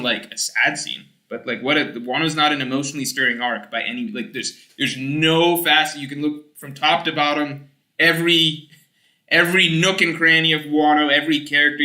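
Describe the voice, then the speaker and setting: A young man streaming, reading chat aloud and rambling in casual, animated talk with some swearing. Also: a little high, roomy sound.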